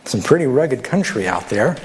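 A man's voice: medium pitch, very animated, moderate pace, slight background noise. A man preaching a sermon in a church, telling a parable with rhetorical questions and little acted-out quotes.

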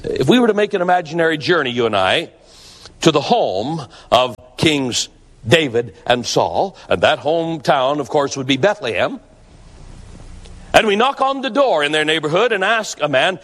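Earnest high-voiced male preacher. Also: big pitch swings, normal speed, a bit bright. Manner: earnest, emphatic, repeats words for stress. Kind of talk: sermon. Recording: long hall reverb.

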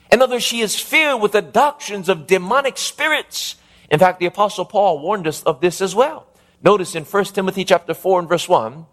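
A man preaching an evangelistic sermon, reading scripture and putting call-and-response questions to the congregation, slowing down to stretch key phrases. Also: high voice, a bit bright.

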